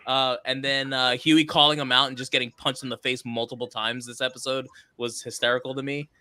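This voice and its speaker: Bright-voiced young man, casual chat. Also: mid-range voice, fairly quick, no room sound. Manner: animated, laughing, quoting scenes. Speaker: podcast co-host.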